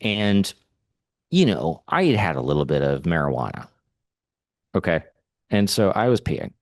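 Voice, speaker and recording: A man from California with a fairly low voice, chatting casually as a podcast co-host over a remote call. He tells his story with lively energy and jumps into quick impressions of the people in it.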